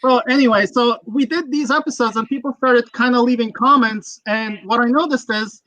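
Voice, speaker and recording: A man's voice: very high-pitched, moderate pace, bright, forceful tone, no room sound, poor audio. A man hosting a casual livestream chat, rambling and ranting with lots of swearing. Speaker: livestream host.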